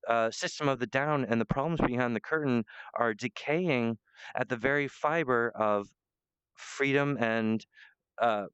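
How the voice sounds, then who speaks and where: Rambling man pitching with smooth voice. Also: a bit bright, no echo, muffled recording. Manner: rambling, halting, full of fillers, jumps into high acted-out quotes. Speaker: amateur pitching a cartoon episode idea. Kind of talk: rambling excited pitch monologue.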